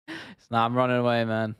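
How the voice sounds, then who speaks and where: This man's smooth, mid-range voice carries a loose, easygoing livestream where he fields viewers' questions with laughs. Studio-quality audio, free of any room sound.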